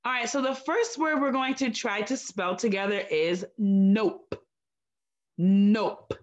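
A woman teaching a recorded phonics lesson to young children, slow, clear and encouraging. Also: on the high side, fairly even intonation, muffled recording.

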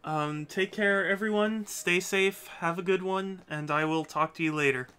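A man's voice: high-pitched, normal speed, bright, forceful tone, clear, resonant tone. A man chatting casually on a live stream while playing a game, often repeating himself and scolding himself. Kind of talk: casual live-stream chat over gameplay.

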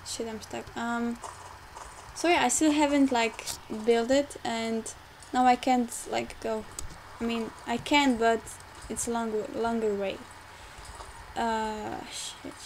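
A young woman rambling through casual gameplay commentary, full of fillers and quick to get frustrated, recorded at home on a desktop mic. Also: fairly high pitch, steady tone, darkish tone, slight background noise, poor audio. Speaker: game let's player. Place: home room, car audible outside.

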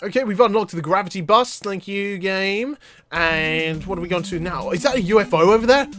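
A man yelping and joking through animated gameplay commentary. His voice runs high for a man, with faint music behind. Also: brisk. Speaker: gaming YouTuber.

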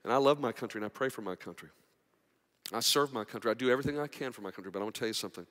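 A man pastor preaching a sermon, moving between quiet, intimate passages and raised, urgent appeals. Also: mid-range voice, rapid-fire. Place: church sanctuary. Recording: long reverb of a large hall.

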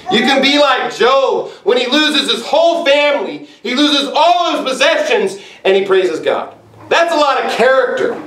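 A man preaching a sermon with force, sometimes shouting and mimicking others. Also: very high-pitched, echoey room, distant mic, rough recording. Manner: forceful, rising to shouts and mocking impressions. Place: church sanctuary.

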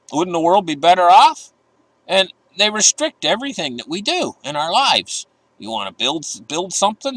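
A man's voice: sits high, a bit bright, dry recording, poor audio. A man giving casual, rambling market commentary, opinionated and breaking into emphatic bursts.

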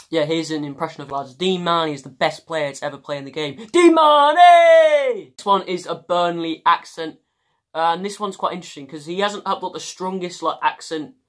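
A man talks casually to his viewers, rambling with plenty of ums and restarts. His voice sits a bit higher than most men's. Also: fairly bright tone. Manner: rambling, with many fillers. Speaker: YouTuber host. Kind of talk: casual vlog.

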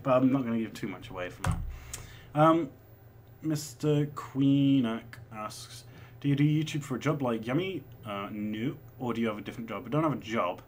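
A man's voice: mid-range voice, moderate pace, darkish tone. Casual twenty-something male vlogger, mid-range voice, rambling and profane, faint background hiss. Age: 20s. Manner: rambling and chatty, with swearing and laughs. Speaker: vlogger answering viewer questions. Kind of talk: casual chat.

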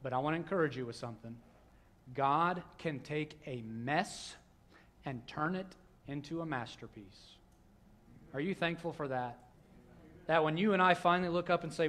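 Higher-voiced pastor preaching. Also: male voice, normal speed. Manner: conversational preaching, swings from hushed to loud. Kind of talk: sermon. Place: church sanctuary.

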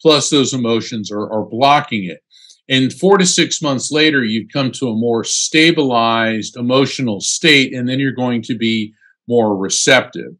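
A man who works as both a psychic medium and an attorney tells stories as an interview guest, casual and animated, with frequent "um"s. His voice is medium-pitched and a little slow.

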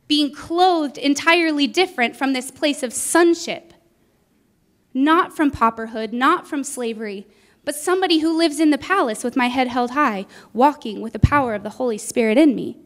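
A woman preaching a Sunday sermon in a church, telling a personal story earnestly and acting out what was said. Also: high-pitched. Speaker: guest preacher. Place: church sanctuary.

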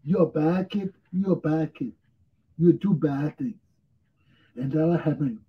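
A man's voice: fairly high pitch, unhurried, breathy edge, highs cut off. A male talk show host, tired and yawning, giving blunt, repetitive commentary on his own. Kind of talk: casual solo commentary.

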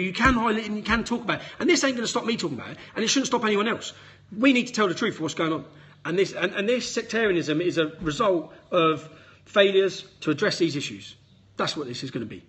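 A man's voice: high voice, pushed and bright, husky. A man giving a blunt, indignant statement straight to camera, hammering his points home.

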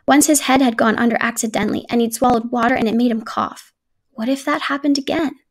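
A woman reading a children's picture book aloud in a gentle, even storytelling manner. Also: on the high side, fast.

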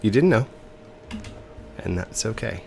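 Slow-talking man with put-on English accent. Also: lowish voice, animated, creaky, darkish tone. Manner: hesitant, with frequent ums and self-corrections. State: stuffy, congested nose. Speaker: let's play host. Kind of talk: game commentary.

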